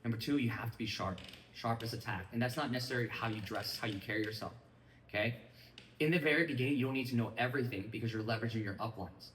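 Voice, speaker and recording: A man delivers a lively motivational training talk to a group of listeners and keeps asking whether they follow him. His voice sits at an ordinary male pitch. It is picked up from some distance in an echoey room with faint ambience behind it. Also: very fast, slight background noise. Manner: energetic, keeps checking in with listeners. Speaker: business mindset trainer.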